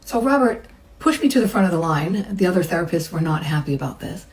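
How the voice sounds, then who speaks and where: A middle-aged woman recounts her own story in a relaxed, chatty way, with a fairly low voice. She slips into the voices of the people she quotes as she goes. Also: fast talker, poor audio. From United States. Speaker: massage therapist. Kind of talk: personal storytelling.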